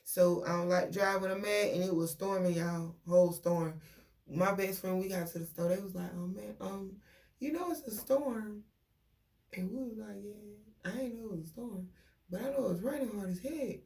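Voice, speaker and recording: A young woman, venting to her viewers in a casual, animated story full of quoted dialogue. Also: mid-range voice, brisk. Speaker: vlogger.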